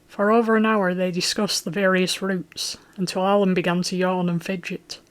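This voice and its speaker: A narrator reading a historical romance aloud at a steady, unhurried pace. The reading is clear and even, with middling pitch. It keeps a plain storytelling tone between the voiced lines. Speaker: audiobook narrator.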